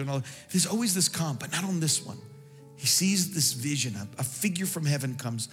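Pastor guy preaching, bright pushy voice, church echo, gets fired up. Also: a little high, lively intonation, a little fast, soft background music. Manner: impassioned preaching, swelling to near-singing peaks. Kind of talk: sermon.

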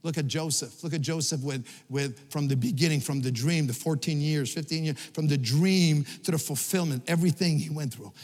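A man's voice: fairly high pitch, fairly quick, few pauses. Man preaching in a reverberant hall. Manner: repeats words and restarts, builds to loud emphatic peaks. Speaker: pastor. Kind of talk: sermon.

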